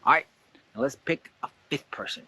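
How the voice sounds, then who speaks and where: A man hosting a casual guided blessing exercise, animated and laughing often, jumping into excited high voices when he quotes someone. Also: fairly quick. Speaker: host guiding a blessing exercise. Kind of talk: casual guided meditation talk.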